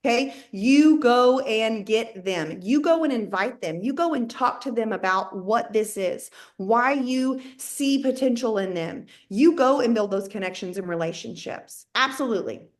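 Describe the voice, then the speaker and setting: Lady with a high voice hyping up her sales team, folksy and full of energy. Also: lively intonation, unhurried, hardly any pauses. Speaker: network marketing team leader.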